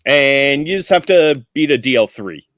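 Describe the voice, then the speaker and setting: Slow, relaxed game master man. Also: medium pitch, no echo, clean studio sound. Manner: relaxed, rambling with fillers and laughs. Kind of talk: running a tabletop game, casual.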